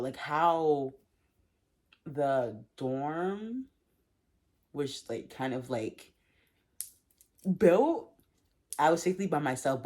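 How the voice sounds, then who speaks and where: Husky-voiced young woman telling a story. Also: deep voice. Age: young adult. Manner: chatty, animated, filler-heavy with frequent laughs. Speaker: vlogger. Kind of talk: storytime vlog.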